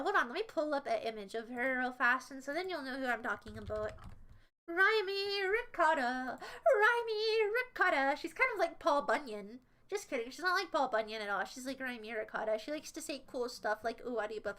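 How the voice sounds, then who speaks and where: A young woman livestreamer rambling and joking with her viewers in casual chat, giggling and repeating catchphrases. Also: sits high. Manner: giggly, squeals when excited.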